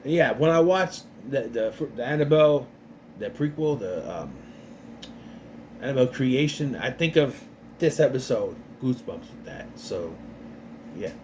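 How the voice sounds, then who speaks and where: A man's voice: medium pitch, animated, darkish tone, a little hiss or hum. A man recapping a TV episode in a casual, rambling way, restarting often and acting out the characters' lines. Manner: rambling, restarts a lot, acts out lines in quick voices.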